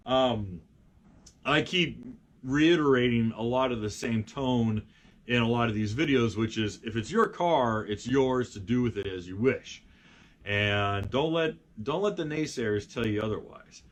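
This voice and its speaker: A middle-aged man hosting a car show, casually telling a story to camera with many fillers and restarts, and lively when he quotes people. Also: medium pitch. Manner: rambling, frequent fillers and restarts, animated when quoting people. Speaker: magazine editor and show host.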